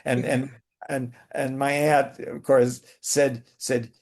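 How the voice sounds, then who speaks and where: In a laid-back conversation where he's the interviewed guest, a playwright and actor recounts colorful stories from theater life, slowly and at a medium pitch.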